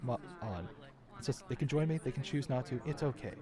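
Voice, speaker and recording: A man's voice: medium pitch, expressive, fairly quick, crowd noise. A man in an unscripted personal rant, frustrated and swearing, often circling back to repeat his points. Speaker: vlogger.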